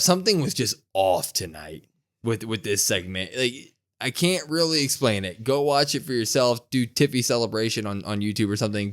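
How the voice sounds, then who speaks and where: A young man co-hosting a podcast, recapping a wrestling episode in casual, animated chat. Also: mid-range voice, clean tone. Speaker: podcast co-host.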